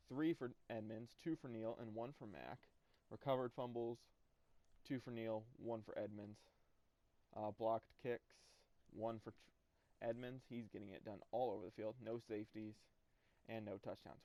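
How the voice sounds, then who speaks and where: A man's voice: on the low side, a little mellow, dry recording. A young man casually talking through his sports video game season as a channel host, offhand and rambling, with the odd swear. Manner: offhand, rambling, mildly profane. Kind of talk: casual gameplay commentary. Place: indoors at home during a storm.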